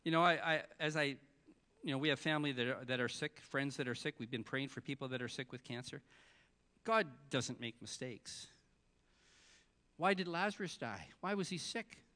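A male pastor preaching a sermon, telling stories and swinging between soft and loud delivery, sometimes breaking into song. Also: mid-range voice, a little fast. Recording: long hall reverb.

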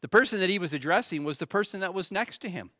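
A man preaching a sermon in an earnest way, swelling dramatically and then dropping to a hush. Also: sits high, lively intonation, fast, no echo, clean studio sound.

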